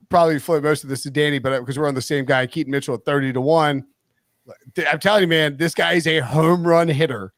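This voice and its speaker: A man hosting a live sports betting stream, talking in a rambling, animated way and often cutting himself off. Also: fairly high pitch, dry recording, studio quality. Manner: rambling, animated, self-interrupting. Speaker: host.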